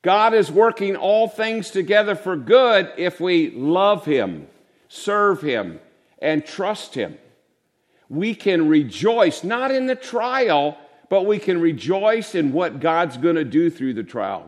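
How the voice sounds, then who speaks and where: Older man preaching a sermon, fairly high voice. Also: very animated, takes it slowly. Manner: conversational preaching with exaggerated mock voices.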